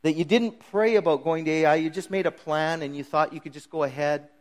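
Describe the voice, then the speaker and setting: A man's voice: a little high, fairly quick. Conversational male preacher with mains hum. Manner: conversational, acts out voices of biblical figures. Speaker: pastor. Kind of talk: sermon.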